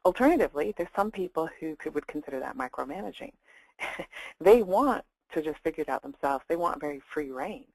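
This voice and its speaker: A woman's voice: low voice, lively intonation, fairly quick, darkish tone, no room sound, low-quality recording. A woman career coach giving a plain-spoken, conversational webinar talk.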